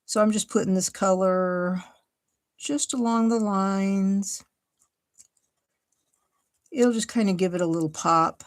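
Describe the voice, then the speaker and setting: This woman from Ohio speaks slowly at a medium pitch, pausing often. Hosting a casual crafting livestream, she chats and thinks aloud as she cuts and glues her way through making a paper card.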